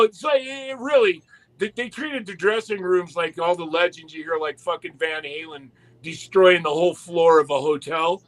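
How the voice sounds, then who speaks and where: A man telling wrestling stories in casual chat, animated and swearing constantly. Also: high voice, moderate pace, rough recording. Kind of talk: casual profane storytelling.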